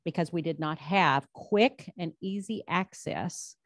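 A woman talks straight to a club audience, direct and emphatic. Her voice sits on the low side, and the sound is close and dry. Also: slow pace, no echo. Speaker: state labor commissioner speaking to a club. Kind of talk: speech answering an audience question.

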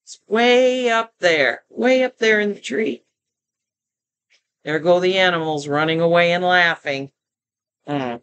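An older woman reading a children's picture book aloud, expressive, often stopping to comment and to ask the listening child questions. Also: fairly low pitch, slow, long pauses, smooth. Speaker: storyteller.

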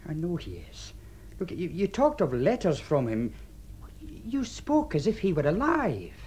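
Brief: a flustered, stammering workman with animated pitch in a radio play. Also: unhurried, a little hiss or hum, full character voice. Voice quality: stammering, hesitant. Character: awkward flustered male workman. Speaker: the Plumber. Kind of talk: radio drama acting.

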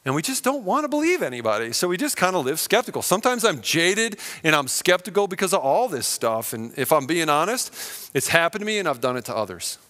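A middle-aged man preaching a sermon, telling a personal story and acting out the lines of the people in it with big swings in loudness. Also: fairly high pitch, very animated, a little fast. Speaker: pastor.

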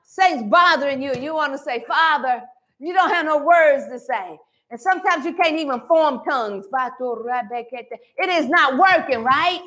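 A woman pastor preaching a sermon in a church, animated and full of call-and-response. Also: high-pitched, measured pace. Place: church sanctuary.

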